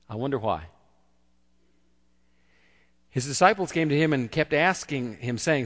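A man's voice: mid-range voice, animated, moderate pace, long pauses, big-room sound. A man preaching a conversational sermon and acting out the quoted voices. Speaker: pastor.

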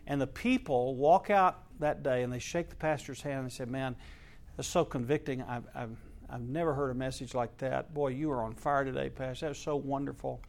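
A male pastor, preaching earnestly in story form, his voice swelling to emphatic peaks and dropping low and soft. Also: fairly quick, creaky. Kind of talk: sermon storytelling.

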